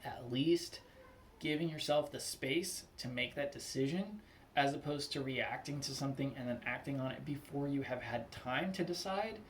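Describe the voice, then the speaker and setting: A young man talking casually on his own, rambling with lots of "like" and acting out quick angry replies. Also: medium pitch, slight background noise. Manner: loose and rambling, full of "like", acts out angry quotes. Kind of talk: casual spoken monologue.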